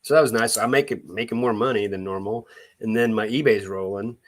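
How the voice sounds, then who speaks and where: Casual male live-streamer, low voice, loose and rambling, thanks viewers as they join. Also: fairly even intonation, a little fast. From Missouri. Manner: rambling, restarts, greets viewers by name.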